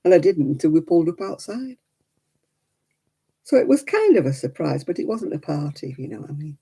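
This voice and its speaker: A woman's voice: low-pitched, expressive, a little fast, warm tone, breathy edge. A middle-aged woman chatting casually while knitting on a crafting livestream, cooing baby talk to her dog in between.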